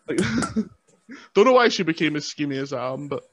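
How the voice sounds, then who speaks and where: A man's voice: a little high, very animated, a little slow, pauses often, a bit bright. Joking man, lo-fi sound. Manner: rambling, joking, laughs often. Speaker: podcast guest, wrestler. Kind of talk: casual sweary chat. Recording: dull lo-fi sound.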